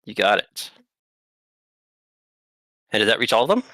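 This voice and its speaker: Man, game master narration, rambling with pauses, very low pitch, bright tone. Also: big pitch swings, dry recording. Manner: rambling, many filler pauses.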